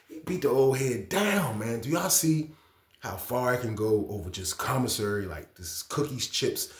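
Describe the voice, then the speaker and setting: Casual man telling stories, echoey room. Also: mid-range voice. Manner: casual slang, repeats phrases, addresses viewers. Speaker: storytime channel host. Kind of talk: casual prison storytelling.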